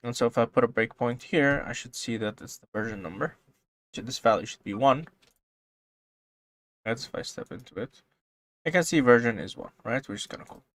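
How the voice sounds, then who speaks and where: Male coding tutor, mid pitch, dry close sound, swings between calm and loud bursts, swears a lot. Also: brisk, long pauses, dry recording. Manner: swings from calm explaining to loud excited outbursts, swears often. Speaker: programming tutorial host. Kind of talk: casual screen-recorded coding tutorial.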